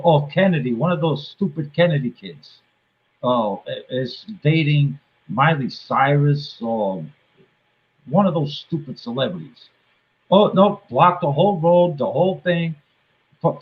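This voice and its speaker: Casual stream host, man with a Boston accent, pitched a bit high, stop-start joking delivery on dull lo-fi audio. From Cape Cod, Massachusetts. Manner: halting, restarts a lot, jokey. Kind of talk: casual live stream chat.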